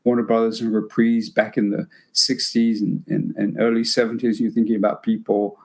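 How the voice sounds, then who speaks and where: A man's voice: lowish voice, level tone, normal speed, creaky, darkish tone. An older man from Britain hosting a music podcast, telling stories in a loose, rambling way with many restarts. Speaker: podcast host. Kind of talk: casual anecdotal chat.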